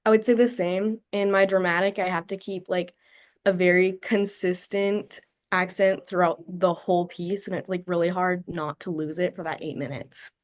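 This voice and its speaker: A woman's voice: fairly low pitch, fairly even intonation, normal speed. A teenage girl on a speech team chatting with many "like" fillers. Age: teens.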